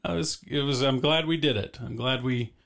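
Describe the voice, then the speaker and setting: Gravelly, easygoing male stream host. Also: mid-range voice, normal speed, a bit bright. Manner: easygoing, prompting questions. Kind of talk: casual stream chat.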